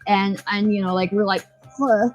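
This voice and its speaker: A woman's voice: fairly high pitch, normal speed, soft background music, rough recording. Chatty woman recapping with a cusswords-heavy ramble. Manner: profane, rambling, with lots of fillers. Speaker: podcast co-host. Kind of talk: casual recap chat.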